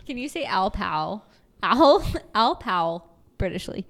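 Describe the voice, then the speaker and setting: A woman's voice: medium pitch, sing-song, slow pace, vocal fry, fairly bright tone. A woman co-hosting a podcast, chatting casually over a film and giggling often. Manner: giggly, laughs often between lines. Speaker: podcast co-host. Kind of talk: casual film commentary chat.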